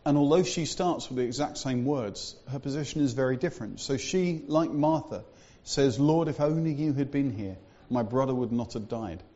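A man preaching in a church with a mellow, dark voice, easygoing and conversational, full of little asides. The sound is a bit dull and lo-fi. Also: medium pitch, normal speed, hardly any pauses. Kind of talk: sermon.

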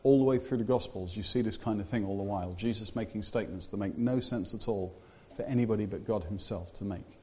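A man preaching in a church with a mellow, dark voice, easygoing and conversational, full of little asides. The sound is a bit dull and lo-fi. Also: lowish voice, fast, hardly any pauses. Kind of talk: sermon.

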